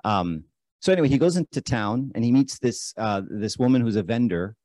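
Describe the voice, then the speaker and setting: A man's voice: mid-range voice, expressive, fairly quick, darkish tone, no room sound. A man preaching a casual, conversational sermon, often asking his listeners questions. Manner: conversational, asks the audience questions.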